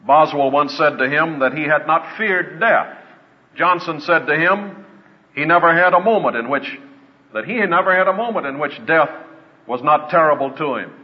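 Male preacher, slightly high voice, earnest sermon delivery, dull lo-fi sound. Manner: earnest, slows down to stress points. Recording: dull lo-fi with long reverb.

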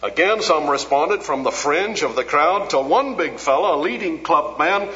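A man preaching a sermon, retelling a story with dramatic rises for quoted lines and sinking low and soft when he prays. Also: animated, moderate pace. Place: large auditorium. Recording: dull lo-fi sound with long hall reverb.

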